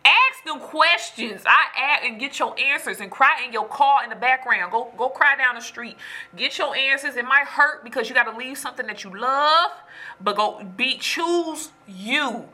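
A woman telling a personal story in casual chat, animated and emphatic, preaching to her listeners. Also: high-pitched, normal speed. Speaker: storyteller venting to viewers.

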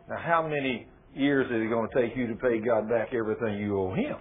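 A man's voice: medium pitch, fairly quick, few pauses, breathy edge. A man preaching a sermon, firing rhetorical questions at his listeners and retelling scripture with quoted dialogue. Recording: tinny phone-like radio broadcast.

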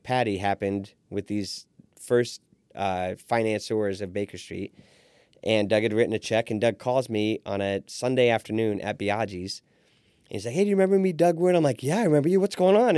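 A man's voice: lowish voice, clean tone, no echo, clean studio sound. A man in his forties, a restaurant owner, telling his story as a podcast guest and acting out the voices of the people he quotes. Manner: animated storyteller who acts out quoted voices. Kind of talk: storytelling in a casual interview.

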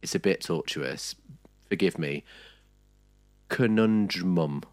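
A man's voice: sits low, very animated, brisk, a bit bright, dry recording. A man hosting a podcast, chatty and playful, reading out headlines and asking questions. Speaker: podcast host. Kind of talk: casual chat.

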